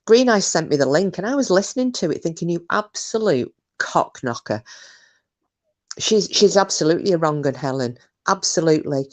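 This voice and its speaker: A woman's voice: fairly low pitch, animated, fast talker, hardly any pauses, darkish tone. A woman hosting a live stream, chatting casually, reading out comments and talking bluntly with plenty of swearing. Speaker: livestream host.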